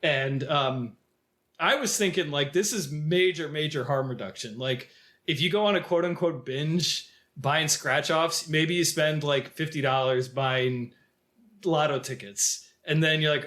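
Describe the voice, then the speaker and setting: Guy cohosting a movie podcast, rambles a lot, voice a bit on the high side. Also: a little slow, fairly bright tone. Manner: rambling, heavy use of "like" fillers. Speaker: podcast co-host. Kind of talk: casual film discussion.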